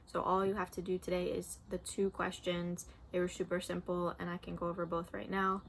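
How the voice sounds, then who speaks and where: A woman's voice: fairly low pitch, a little hiss or hum. A woman teacher reading a novel aloud to her class, with plain conversational asides.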